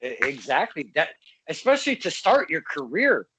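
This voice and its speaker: High-voiced chummy podcast host, man. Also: moderate pace, husky. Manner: laughs often, relaxed and chummy, many uh fillers. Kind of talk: casual interview.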